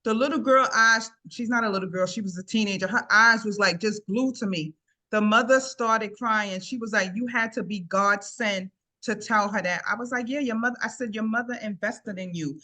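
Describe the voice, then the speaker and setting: A woman's voice: mid-range voice, moderate pace, sharp tone. A middle-aged woman telling a personal story in a casual, earnest way, often repeating "I said" as she recounts what she told a teenager. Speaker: guest sharing a personal story.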